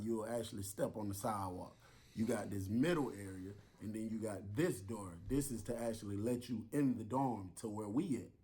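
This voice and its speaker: A man telling a long story in an animated way, acting out voices and sounds as he goes. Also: fairly low pitch, slightly rough.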